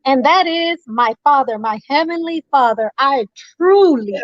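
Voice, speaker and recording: Woman caller, high voice, emphatic and preachy, repeats lines, dull dry phone sound. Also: animated, measured pace, no room sound. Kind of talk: impassioned call-in talk.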